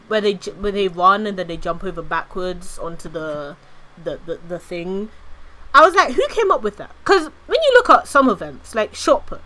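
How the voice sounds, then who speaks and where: A woman's voice: mid-range voice, pushed and bright. A young British woman chatting casually on a live stream, giggly and reading out chat. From Britain.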